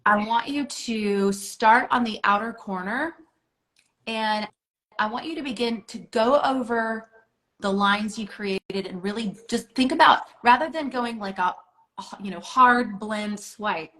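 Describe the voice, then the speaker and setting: A woman's voice: a little high, unhurried, fairly bright tone, poor audio. A woman teaching a makeup lesson, coaching step by step in an encouraging, hands-on way with casual filler words. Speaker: makeup instructor. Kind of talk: instructional makeup tutorial.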